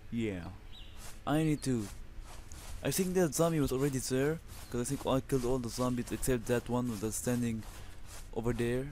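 A man from Lebanon hosting his own channel, giving excitable, profanity-heavy commentary on a survival game and talking trash at the enemies. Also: mid-range voice, moderate pace, a little hiss or hum. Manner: excitable, swears constantly, talks to the enemies. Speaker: gaming channel host.

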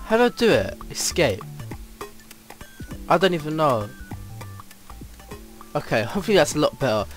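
Man, let's play commentary, rambling, full of ums, at a computer, game music faintly behind. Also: mid-range voice. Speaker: gamer.

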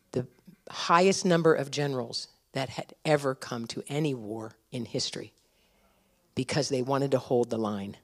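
A middle-aged woman preaching at a conference, telling stories with animated energy and urgent exhortation. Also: sits low. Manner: animated storytelling, laughing at her own stories. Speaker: conference speaker. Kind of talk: sermon.

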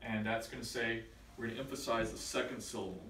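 A man's voice: medium pitch, steady tone, creaky, distant mic, noisy background. Patient man teaching from across an echoey room. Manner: patient, quizzing students, slow explanations. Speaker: confirmation class teacher. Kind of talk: classroom teaching. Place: church classroom.

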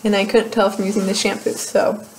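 A woman's voice: mid-range voice, level tone, a little fast, a little mellow, a little hiss or hum. A young woman in a casual beauty vlog, chatting and laughing as she goes through used-up products at home. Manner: chatty, self-mocking, laughs between remarks. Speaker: beauty vlogger.

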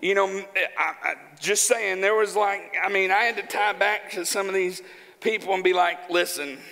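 A man from Arkansas preaching a sermon in a church, joking in a folksy, animated way. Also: high-pitched, normal speed, vocal fry. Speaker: pastor. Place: church sanctuary. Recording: church hall with long reverb.

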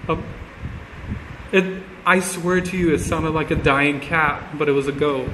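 A man talks casually into his phone for a live stream, rambling and circling back over the same story. His voice sits a bit high. The phone audio is roomy, with a long reverb tail. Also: fairly even intonation, a little slow, background noise. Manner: chatty, rambling, repeats himself with lots of likes. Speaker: vlogger on an Instagram live stream.

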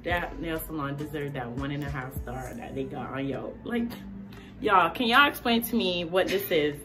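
A woman vlogger in a casual rant, animated and exasperated, talking with lots of slang. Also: deep voice, moderate pace, over music.

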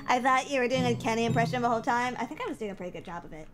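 High-voiced playful woman streamer. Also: expressive, rapid-fire, few pauses. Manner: playful, giggly, mock-dramatic whining. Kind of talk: casual game stream chat. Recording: music playing behind the voice.

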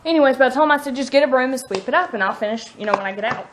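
A woman's voice: sits high, rapid-fire, background noise. A woman in her thirties with a Southern US accent, a mom chatting casually and rambling to her camera at home, laughing often. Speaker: mom vlogger. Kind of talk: casual chat. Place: living room at home.

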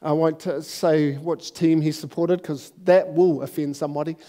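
High-voiced joking man at church. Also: fairly even intonation, moderate pace, warm tone, big-room sound. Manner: chatty, joking, self-deprecating. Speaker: church speaker. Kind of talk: casual sermon introduction. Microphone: clip-on microphone.

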